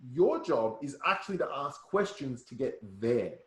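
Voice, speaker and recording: A man's voice: medium pitch, very animated, normal speed, a bit bright. A man coaching a sales workshop in a punchy way, often checking that listeners follow. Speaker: sales trainer. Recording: roomy echo.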